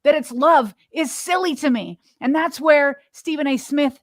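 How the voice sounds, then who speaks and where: A woman's voice: high-pitched, measured pace, dry recording, clean studio sound. Emphatic woman sports podcast co-host. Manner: animated, emphatic opinions. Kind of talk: casual sports podcast talk.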